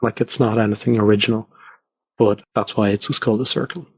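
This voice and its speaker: An Irish man appears as a guest on a casual conversational podcast interview, speaking loosely and reflectively with plenty of fillers from his converted attic at home. His lowish voice stays fairly even in intonation, moves a little fast, and sounds slightly rough, with no room sound.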